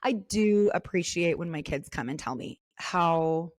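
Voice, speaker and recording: A middle-aged woman co-hosting a casual faith podcast, talking in a chatty, animated way with lots of fillers. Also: lowish voice, measured pace, dry recording, studio quality. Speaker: podcast co-host.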